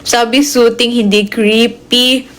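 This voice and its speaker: A woman's voice: on the high side, flat delivery, unhurried. A young woman with a Filipino accent chatting on a live stream at home, giggly and playful. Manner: giggly, playful, mixing English into Tagalog. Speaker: livestreamer. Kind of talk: casual chat on a live stream.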